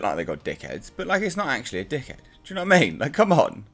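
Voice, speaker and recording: A man's voice: mid-range voice, wildly swooping pitch, fast, hardly any pauses, a bit bright, soft background music. A man reviewing a comic book in a casual, exasperated and sarcastic rant.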